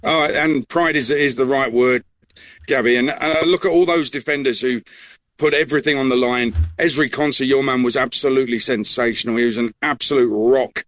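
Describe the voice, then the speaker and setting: A man's voice: medium pitch, steady tone, a little fast, a bit bright, no room sound. Enthusiastic male football reporter. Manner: enthusiastic, full of praise. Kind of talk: post-match radio analysis.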